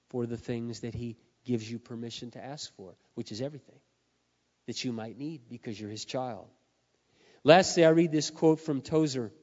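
A middle-aged man preaching a sermon, earnest and confessional, swinging between quiet admissions and loud emphatic peaks, his voice wearing hoarse. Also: medium pitch. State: losing his voice. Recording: muffled sound in a reverberant hall.

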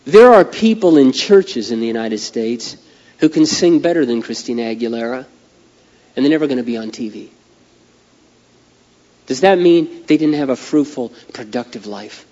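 A middle-aged man preaching a sermon with animated, folksy storytelling. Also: medium pitch, normal speed, lo-fi sound. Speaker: pastor. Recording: long hall reverb.

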